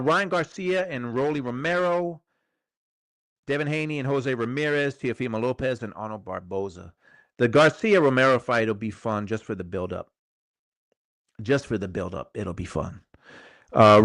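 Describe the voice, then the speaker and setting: A middle-aged man talks loosely through a casual live-stream chat, circling back and repeating himself as he reads viewer comments aloud. His voice sits at an ordinary middle pitch, and the sound is dry and close with no room around it. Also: dry recording. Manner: rambling, conversational, repeats phrases. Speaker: show host.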